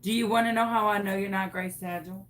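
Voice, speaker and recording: A woman voicing a curt phone clerk who answers in a lower, flatter voice than her own and speaks firmly and matter-of-factly. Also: fast talker, close to an everyday voice.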